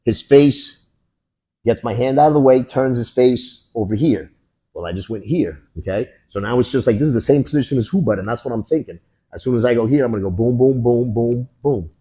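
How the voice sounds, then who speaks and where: A husky-voiced male instructor runs a hands-on class, talking through each grapple and strike as he shows it. His pitch sits in the middle, and he keeps snapping out boom and bang as the hits land. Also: fairly quick, low-quality recording. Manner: animated, punctuates moves with boom and bang. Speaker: martial arts instructor.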